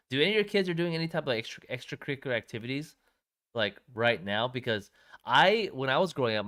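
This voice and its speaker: A young man co-hosting a podcast, chatting casually and breaking into playful loud banter. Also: mid-range voice. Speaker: podcast co-host. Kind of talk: casual chat.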